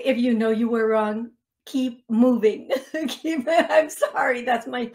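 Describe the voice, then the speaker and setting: A woman's voice: on the high side, steady tone, slow, a little mellow. A woman hosting a psychic medium radio show, chatty and self-deprecating, often laughing at herself. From United States. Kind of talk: casual radio show talk.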